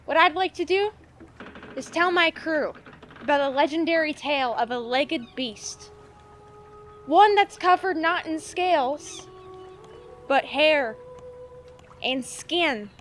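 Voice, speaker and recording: Blustery sea captain, man, boastful and theatrical, pitched high. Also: lively intonation, slow pace, long pauses, a bit bright, soft background music, heavily acted. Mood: pompous. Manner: pompous, theatrical. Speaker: comedy sketch actor.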